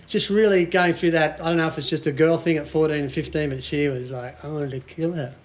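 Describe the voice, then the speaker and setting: A man's voice: on the high side, fairly even intonation, brisk. A middle-aged Australian man with an Australian accent, giving a joking, storytelling motivational talk to a small audience. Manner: jokey, storytelling, laughs often. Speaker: motivational speaker.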